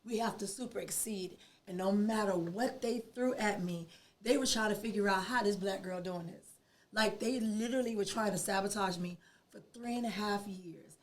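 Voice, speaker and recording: A woman, a podcast guest telling a personal story in an animated, emphatic way. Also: mid-range voice, normal speed. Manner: animated, emphatic, acts out quoted dialogue.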